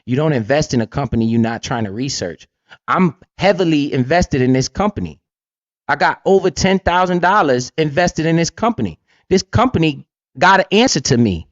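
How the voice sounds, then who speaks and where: A man's voice: a little high, lively intonation, moderate pace, no echo, muffled recording. A man hosting a casual livestream, talking bluntly with lots of swearing and keeps asking "right?". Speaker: livestream host and crypto investor.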